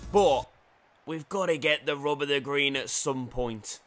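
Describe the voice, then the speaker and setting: A young man commentating his own football video game, muttering play-by-play then bursting into loud shouts and cheeky banter. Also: on the high side, measured pace, soft background music. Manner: swings from quiet mutters to shouting, swears, banters. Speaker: gaming YouTuber.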